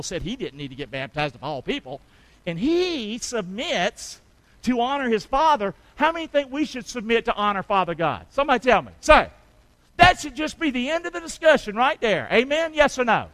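Middle-aged male pastor, high bright voice, call-and-response preaching with amens. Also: no echo, low-quality recording. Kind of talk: sermon.

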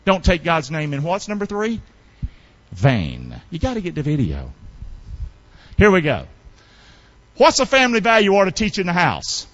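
Animated preaching man, high and lively. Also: moderate pace, long pauses. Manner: call-and-response preaching, quizzing the congregation; animated, swings between loud bursts and low asides. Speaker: pastor. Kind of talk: sermon.

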